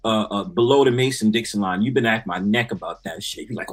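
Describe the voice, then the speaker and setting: A man's voice: lowish voice, fast. A man with a New York accent, joking and arguing on a live stream in a playfully indignant way. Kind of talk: casual banter.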